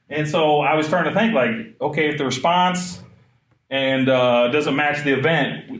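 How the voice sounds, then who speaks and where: A man in his thirties giving a live trauma training talk, animated and conversational, often asking the room questions. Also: mid-range voice, a little fast. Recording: echoey room.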